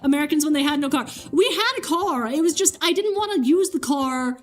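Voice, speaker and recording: A woman's voice: sits high, animated, brisk. A young woman streamer chatting casually, reading chat aloud and telling a story with acted-out quotes and frequent laughter.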